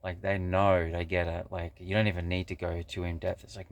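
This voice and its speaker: Low, gravelly man rambling casually. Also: moderate pace, hardly any pauses. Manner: rambling and profane, many fillers and restarts. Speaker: vlogger. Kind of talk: casual monologue.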